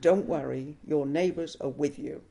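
An older woman telling a personal story in an interview, unhurried and chuckling as she recalls events. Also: sits low, creaky, mellow.

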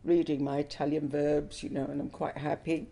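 A woman's voice: sits low, little pitch movement, normal speed, creaky, warm tone. An older woman from England, telling her life story in an interview with earnest emotion. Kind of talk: personal testimony interview.

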